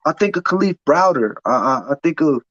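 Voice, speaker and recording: A man's voice: fairly high pitch, lively intonation, brisk, fairly bright tone, a little hiss or hum. A man in an interview telling his life story candidly, emphatic and profane, often repeating words as he restarts. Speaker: interview guest. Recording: dull lo-fi sound, dry.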